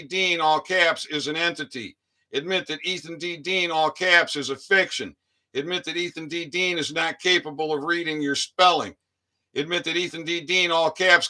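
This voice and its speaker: Man, slightly high and sharp-toned, reading formal claims aloud. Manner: reads formal statements with muttered asides. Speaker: citizen activist. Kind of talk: reading a legal document aloud.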